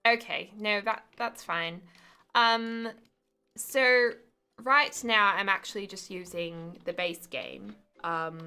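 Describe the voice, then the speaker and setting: A woman's voice: lowish voice, pushed and bright, clear, resonant tone. A woman hosting a live game stream, chatting casually and laughing often. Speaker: streamer host. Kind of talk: casual live-stream chat while gaming.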